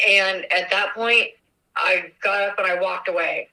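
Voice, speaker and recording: A young woman recounts a personal story with a bright, sharp tone. Her delivery is halting and emotional, and it is full of little fillers. She sounds slightly distant from the mic. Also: medium pitch, fairly even intonation. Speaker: guest, victim's daughter.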